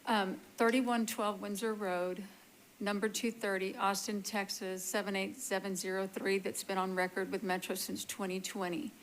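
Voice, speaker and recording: A woman speaking as an appellant at a public hearing, earnest and apologetic, talking in a hurried way into a meeting-room microphone. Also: mid-range voice, flat delivery, a little hiss or hum, poor audio. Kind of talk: testifying at a hearing.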